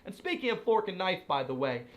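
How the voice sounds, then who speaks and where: A man's voice: sits high, big pitch swings, fairly quick. A young American man living abroad, giving playful, exaggerated complaints in a comedic vlog. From United States.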